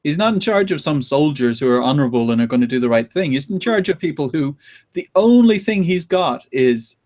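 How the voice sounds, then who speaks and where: Male podcast host, casual chat, bit higher-pitched, animated and laughing as he retells. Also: a little fast.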